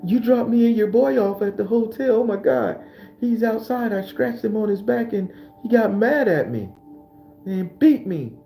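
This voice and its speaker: A man's voice: very high-pitched, animated, normal speed, mellow, echoey room, faint music behind, voice pushed up. A man voicing a terrified young woman who pleads in a panic.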